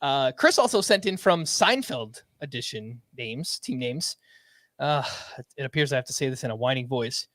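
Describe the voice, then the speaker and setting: A man co-hosting a sports podcast in casual chat, animated as he reads out listener submissions. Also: medium pitch, moderate pace, dry recording, clean studio sound. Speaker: fantasy baseball podcast co-host.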